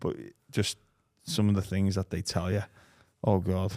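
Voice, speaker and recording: Low-voiced Liverpool man telling stories. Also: measured pace, no room sound, clean studio sound. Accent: Liverpool English. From England. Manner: rambling, animated storytelling with acted-out quotes. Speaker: podcast host. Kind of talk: casual chat.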